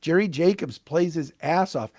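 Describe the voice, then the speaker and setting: A man hosting a solo sports podcast, recapping a game in an excited, emphatic, conversational way. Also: a little high, moderate pace, no room sound, clean studio sound. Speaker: podcast host.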